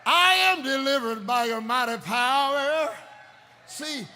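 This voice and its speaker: Fervent shouting preacher in a big hall. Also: male voice, very high-pitched, takes it slowly. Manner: fervent, bursts into shouts, talks straight to the crowd. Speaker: preacher and worship musician. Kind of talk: live sermon. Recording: long reverb in a big hall, faint ambience.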